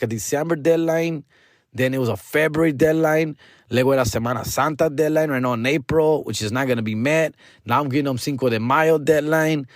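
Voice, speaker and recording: A man's voice: mid-range voice, dry recording, studio quality. A comedian and podcast host ranting in a casual, frustrated way, full of slang and swearing, dropping Spanish phrases into his English. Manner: frustrated, venting.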